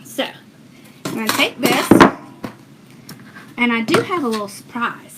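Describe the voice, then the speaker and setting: A woman with a fairly high, sing-song voice speaks unhurriedly in a very noisy recording. It's a casual livestream craft tutorial in which she teaches wreath making, working and reading viewers' comments aloud.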